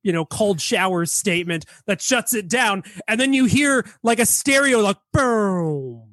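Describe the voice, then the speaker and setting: A man's voice: sits high, normal speed, a bit bright, dry recording, studio quality. A man co-hosting a casual movie podcast, rambling with lots of 'like' fillers. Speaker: podcast co-host. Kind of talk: casual movie-review chat.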